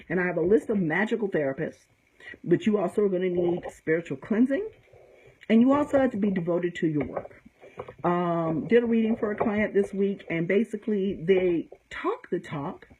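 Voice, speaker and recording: A woman's voice: medium pitch, moderate pace, mellow, breathy edge, highs cut off. A middle-aged woman from the United States, a conjure practitioner, giving blunt, profane, straight-talking advice in a casual teaching talk, often checking in with "okay?". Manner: emphatic storytelling with frequent "okay?".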